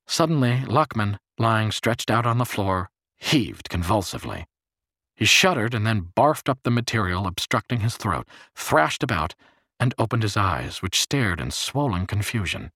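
Male narrator, audiobook reading, husky, low-ish, very animated pitch, dry. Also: normal speed, no echo. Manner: expressive storytelling.

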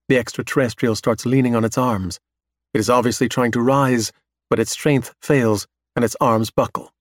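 Man reading a story, steady and measured, mid pitch, dry close sound. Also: dry recording. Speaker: audiobook narrator. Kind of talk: scripted narration.

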